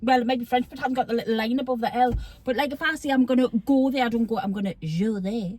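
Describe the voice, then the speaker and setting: A woman's voice: high-pitched, fairly even intonation, very fast, darkish tone. A woman in her fifties with a Geordie accent, chatting casually and teasing her daughter in a blunt, jokey way. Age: 50s. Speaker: guest, host's mother. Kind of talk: casual chat.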